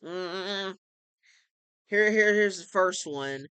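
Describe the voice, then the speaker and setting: A man in his late twenties doing a profane, erratic comedy vlog in the style of a well-known internet character, with shouting bursts. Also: high-pitched, measured pace, long pauses, smooth, no echo. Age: 20s. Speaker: amateur comedy YouTuber. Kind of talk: crude ranting comedy vlog.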